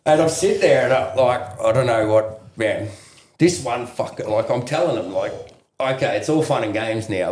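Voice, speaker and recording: A man's voice: fairly low pitch, reverberant, a little hiss or hum. Swearing Australian man telling stories. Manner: profane, laughing, animated storyteller. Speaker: veteran guest. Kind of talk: casual storytelling.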